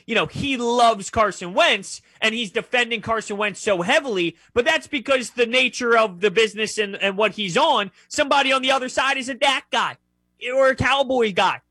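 A man's voice: very high voice, breathy edge, dry recording. A man co-hosting a sports radio show, talking casually and arguing his points with energy. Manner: animated, argumentative, quick to jump in.

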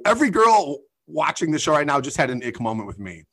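Slow and expressive, with long pauses, this adult podcast host has a slightly high, sharp, slightly rough voice. His comedic show is loose and profane, full of laughter as he reads listener messages and shares stories.

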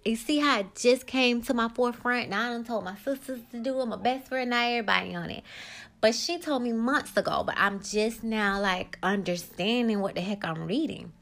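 A woman's voice: on the high side, moderate pace. A woman, hosting her own podcast in a casual monologue that turns heated as she vents. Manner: animated, rising to heated venting. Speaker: podcast host.

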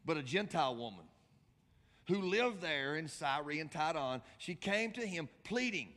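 A man preaching a sermon as pastor, impassioned and rising to high, emphatic bursts. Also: expressive, moderate pace, fairly bright tone. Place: large church hall. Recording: long church hall reverb.

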